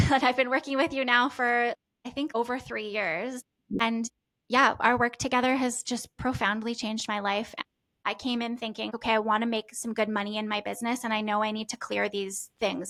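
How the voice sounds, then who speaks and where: An earnest woman in her thirties speaks in a fairly high voice that barely rises or falls. She talks through a heartfelt personal account, restarting sentences as she searches for words. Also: a bit bright. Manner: earnest, emotional, with restarts and laughs. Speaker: podcast host. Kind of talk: heartfelt conversational testimonial.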